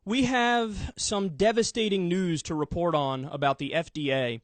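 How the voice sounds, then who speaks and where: A man's voice: high-pitched, steady tone, normal speed, dry recording. A man reading out a news report and explaining it in plain, matter-of-fact terms. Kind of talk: reading news quotes with commentary.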